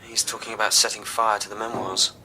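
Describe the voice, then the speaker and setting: A man's voice: lowish voice, level tone, brisk, a crowd in the background, close to an everyday voice, rough recording. A young actor playing a worried son doubting the search for his missing mother. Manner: anxious, doubting. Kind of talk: radio drama acting.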